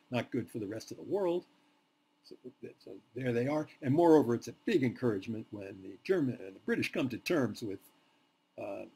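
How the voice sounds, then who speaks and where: A man's voice: medium pitch, mellow, husky. A man giving a university history lecture to a class, emphatic and fond of rhetorical questions.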